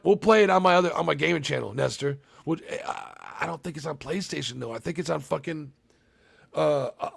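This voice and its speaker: A man's voice: fairly high pitch, gravelly, fairly bright tone. A young man recapping a movie on a casual live stream, rambling and swearing often and talking to his chat. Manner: profane, rambling, talks to chat.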